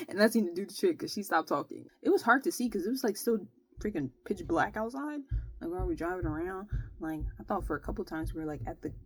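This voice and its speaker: A woman's voice: lowish voice, fast talker, husky, dry recording. A young woman, telling a story casually in her vlog, full of slang and filler words. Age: young adult. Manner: slangy, animated retelling with frequent "bro" and "like". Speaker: vlogger.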